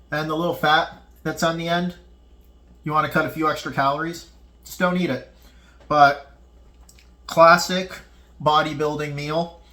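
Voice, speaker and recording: A man's voice: a little high, pushed and bright. A man hosting a casual cooking tutorial in a home kitchen, chatting loosely to his viewers. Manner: chatty, loose, talks to viewers while eating. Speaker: fitness cooking channel host. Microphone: camera mic on a tripod.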